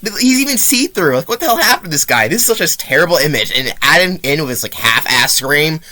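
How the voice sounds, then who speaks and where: Bright, animated, swearing young man. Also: fairly high pitch, quick pace, no room sound. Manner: profane, sarcastic and animated. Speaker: movie reviewer. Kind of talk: casual film review commentary.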